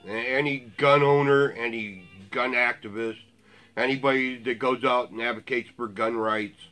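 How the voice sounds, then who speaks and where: A man's voice: mid-range voice, bright, forceful tone. A man ranting in blunt, profane, sarcastic commentary to his viewers. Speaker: vlogger.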